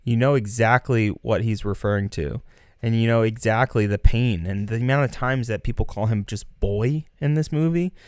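A man's voice: mid-range voice, normal speed, a little mellow, clean tone, no room sound, studio quality. A man co-hosting a casual film discussion, enthused and emphatic, filling his speech with "like" and "so". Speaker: podcast co-host.

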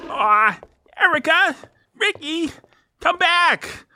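A man doing a bright, jittery forced-cheer dad. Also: very high voice, expressive, slow pace, no echo, exaggerated voice. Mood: forced cheerful. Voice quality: nervous forced cheerfulness with jokey asides. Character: awkward upbeat suburban dad, forced cheer. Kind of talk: comedic audio drama acting.

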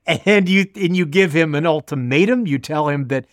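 A man hosting an interview, calmly recapping the guest's story as he asks about it. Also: on the high side, a little slow, dry recording, studio quality. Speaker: host. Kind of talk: interview questions.

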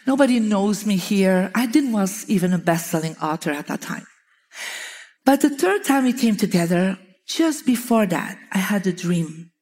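Woman telling lively stories. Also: medium pitch, moderate pace. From Belgium. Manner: lively anecdotal telling, often laughing, acting out quoted dialogue. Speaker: feng shui teacher. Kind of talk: storytelling talk to an audience.

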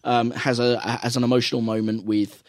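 A man's voice: mid-range voice, moderate pace, dry recording, clean studio sound. A man co-hosting a casual podcast, riffing on a film with swearing and quoted lines. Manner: animated, swearing, quoting lines in funny voices. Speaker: podcast co-host reviewing a film. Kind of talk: casual chat.

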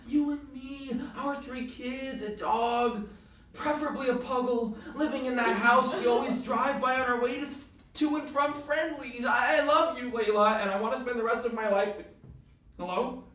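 A man's voice: very high-pitched, fairly even intonation, fairly bright tone. A man playing a frantic, heartbroken troop leader. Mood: pleading. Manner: frantic, emotional, quick to outbursts. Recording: very echoey, distant-mic recording.

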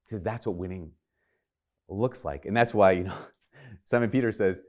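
A man's voice: low voice, normal speed, a little mellow. A man preaching a sermon in an earnest, conversational way, retelling scripture with quoted dialogue.

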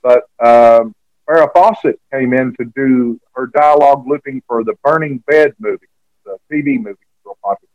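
A man's voice: mid-range voice, moderate pace, dry recording, lo-fi sound. Chatty older-sounding man telling stories. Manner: rambling, chatty, many fillers and restarts. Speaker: author and guest. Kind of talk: interview, storytelling anecdote.

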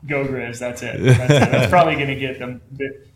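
A man's voice: medium pitch, steady tone, quick pace. A man chatting casually as a podcast guest, with laughing, self-deprecating asides. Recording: roomy echo with faint noise.

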